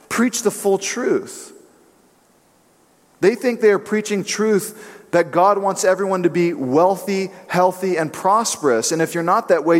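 A man preaching a sermon in an emphatic way, now and then acting out what others say in changing voices. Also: high-pitched. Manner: emphatic, acts out quotes in shifting voices. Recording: long hall reverb.

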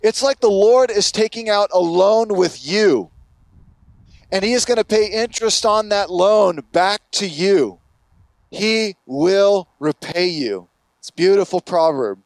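A man's voice: high voice, a little slow, creaky, no echo. A man preaching a sermon as pastor, earnest and now and then acting out a self-righteous prayer in mocking tones.

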